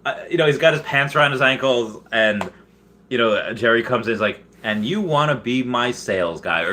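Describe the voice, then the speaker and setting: A man with a fairly low but bright, forceful voice hosts a loose livestream, chatting through viewer comments. He rambles, restarts his sentences and laughs often, and sometimes jumps into high, loud voices when he quotes someone. A faint hiss of noise sits under his voice. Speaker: livestream host. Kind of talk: casual livestream chat, reading viewer comments.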